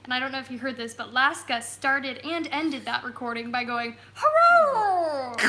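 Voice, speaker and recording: A woman's voice: sits high, fairly even intonation, brisk, sharp tone, a little hiss or hum. A woman hosting a casual travel live stream from home on a phone, bubbly and giggly. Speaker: travel vlog host.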